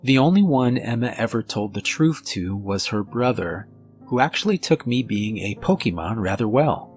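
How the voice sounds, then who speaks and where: A man giving a measured, scripted first-person narration of a horror story. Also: mid-range voice, animated. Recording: faint music bed under voice. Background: soft background music.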